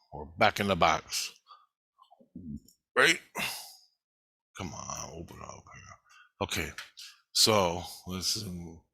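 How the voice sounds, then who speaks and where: A middle-aged man vlogging, telling a story in a rambling, excitable way with frequent swearing. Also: low-pitched, vocal fry, slightly rough, no echo. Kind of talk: casual storytelling.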